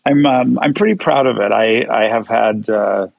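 A man who performs in drag, a guest chatting in an animated, theatrical way. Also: on the low side, normal speed, vocal fry, no room sound, highs cut off. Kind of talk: casual interview chat.

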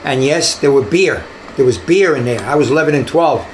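An older man, a retired detective, tells stories from his career during an interview, animatedly acting out the voices he quotes. His medium-pitched voice moves fairly quickly. The audio is poor, with slight background noise.

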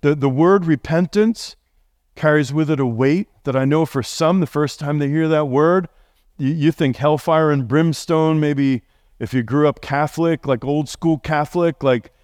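Middle-aged pastor guy preaching, kinda high voice, dry close sound, chatty with lots of questions. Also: normal speed, no echo. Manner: conversational, animated preaching with rhetorical questions. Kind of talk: sermon. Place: church sanctuary.

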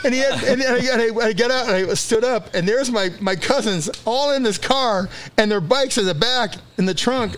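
A man's voice: very high voice, moderate pace, hardly any pauses. A man telling a childhood story in casual conversation, laughing often and acting out the voices of the people in it. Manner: animated, laughing through his story, acts out quotes.

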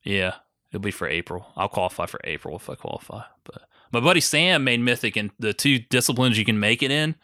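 A man's voice: fairly low pitch, expressive, fairly quick, sharp tone, dry recording, studio quality. A young adult man co-hosting a podcast, telling stories in casual chat with lots of swearing and mocking quoted voices. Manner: profane storytelling, mocks others in quoted voices. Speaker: podcast co-host.

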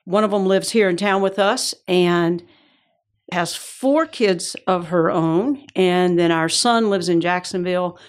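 A woman's voice: lowish voice, unhurried. A woman in her sixties with a Georgia Southern accent, chatting as a podcast guest in a folksy, self-deprecating way. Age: 60s. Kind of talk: casual chat.

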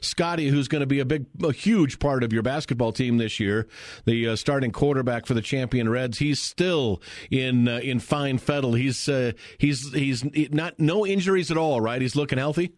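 A man's voice: mid-range voice, normal speed, no room sound, clean studio sound. A man hosting live sports radio, chatty and enthusiastic, with many fillers. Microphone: studio microphone.

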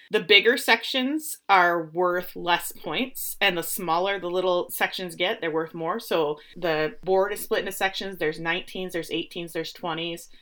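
A woman chatting casually as she recaps a story, slipping into the characters' lines as she goes. Her voice sits a little low, and she keeps the telling animated. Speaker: podcast co-host recapping an episode. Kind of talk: casual chat.

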